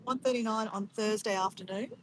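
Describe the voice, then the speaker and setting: A woman's voice: medium pitch, brisk, slight background noise, low-quality recording. A woman chatting casually to her viewers while she paints, thinking aloud as she goes. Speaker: vlogger. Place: outdoors on a windy day.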